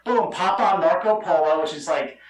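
A man's voice: on the high side, normal speed, roomy sound, far from the mic, rough recording. A middle-aged man from New Jersey, a guest telling his story in a chatty, rambling way full of fillers. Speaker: guest, bourbon company founder. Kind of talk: casual storytelling.

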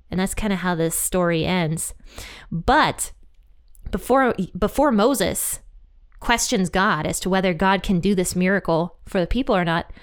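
A woman's voice: mid-range voice, smooth. A woman hosting an episode, retelling a Bible story in a chatty, blunt, conversational way. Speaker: podcast host teaching the Bible.

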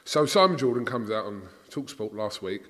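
A man's voice: lowish voice, expressive, moderate pace, fairly bright tone. A man hosting a podcast interview, chatting along as he sets up his questions. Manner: conversational, setting up questions. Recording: long reverb.

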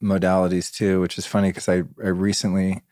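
Deep-voiced man, reflective interview guest. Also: monotone, darkish tone, no room sound, clean studio sound. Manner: reflective, measured, with frequent restarts. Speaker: podcast guest. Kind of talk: candid conversational interview.

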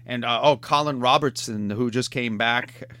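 A man's voice: medium pitch, moderate pace, pushed and bright. A middle-aged man hosting a podcast in casual, rambling chat, often tacking on "man". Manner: rambling, laid-back, says "man" a lot. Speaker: podcast host.

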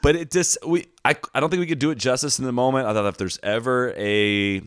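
A man hosting a podcast in casual chat, talking in quick bursts and laughing often. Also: medium pitch, clear, resonant tone, no echo, studio quality. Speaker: podcast host.

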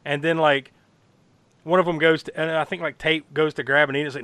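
A man in casual podcast chat, excitedly recapping a horror film, swearing freely, laughing often and acting out lines. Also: a little high, quick pace, smooth, no room sound.

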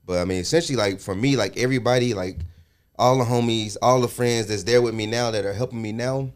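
A man's voice: mid-range voice, quick pace. A young man, a chef guest on a podcast, chatting casually and loosely with many fillers. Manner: laid-back, many fillers.

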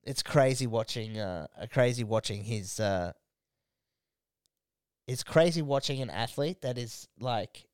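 A man's voice: medium pitch, animated, measured pace, clear, resonant tone, no room sound, studio quality. A man co-hosting a podcast, in loose, swearing casual banter, acting out quotes as he tells stories. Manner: swears a lot, slangy, acts out quotes. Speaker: podcast co-host.

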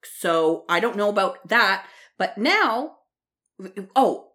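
A worked-up woman talking in a casual chat, her pitch swinging widely as she rants. She swears freely and mimics other people's lines. She is wired from coffee. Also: very animated, slow, a bit bright. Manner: heated, swears freely, acts out quotes. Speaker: podcast co-host. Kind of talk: casual reality-TV recap chat.

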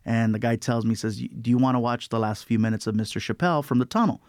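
A man telling a story as a guest comedian in an interview, animated and acting out other people's voices. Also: medium pitch, fast talker, dry recording, studio quality. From California.

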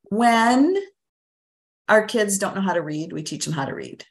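A woman's voice: mid-range voice, expressive, measured pace, gravelly. A woman guest, a parent coach, explaining her ideas in an earnest, teacherly way in a casual interview.

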